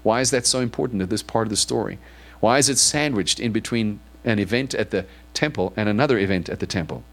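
A man's voice: on the low side, quick pace, vocal fry, a bit bright. A man preaching to his congregation in church, reading scripture aloud and then asking it probing questions. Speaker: pastor. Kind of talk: sermon.

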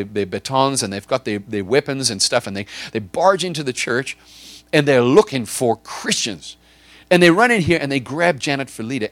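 A man's voice: medium pitch, a bit bright, no echo. Man, pastor, sermon, dramatic storytelling, repeats words, dry close sound. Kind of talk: sermon, vivid retelling.

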